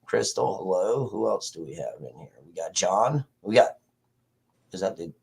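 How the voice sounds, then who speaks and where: A man's voice: low voice, animated, normal speed, vocal fry, darkish tone, husky. A man hosting a casual livestream, rambling and swearing as he greets viewers in the chat. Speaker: livestream host.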